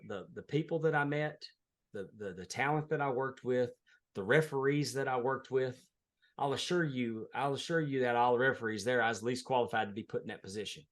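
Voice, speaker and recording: A man's voice: medium pitch, fairly bright tone. A man, a wrestling referee, telling a heartfelt story in a casual interview. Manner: earnest, heartfelt, plain-spoken.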